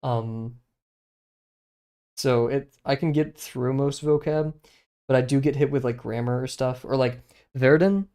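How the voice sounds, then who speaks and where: A young man draws during a live stream, his medium-pitched voice warm and smooth, at a measured pace broken by long pauses. He chats casually and rambles, using many fillers and muttering to himself while sketching.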